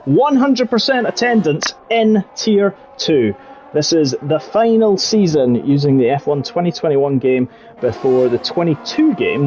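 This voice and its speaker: This esports race commentator speaks slowly in a high, very animated voice against a noisy background. Leading live coverage of an online racing league, he jokes and rambles, heavy on fillers and nicknames.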